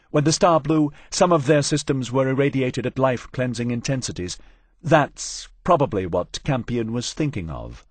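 A man's voice: medium pitch, dry recording, voice pushed up, natural voice. A man voicing a capable, well-informed woman who explains things in a matter-of-fact way.

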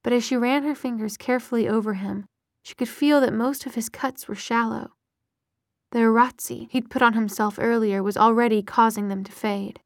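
A woman narrating a romance novel in a soft, breathy whisper. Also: fairly high pitch, no echo, clean studio sound.

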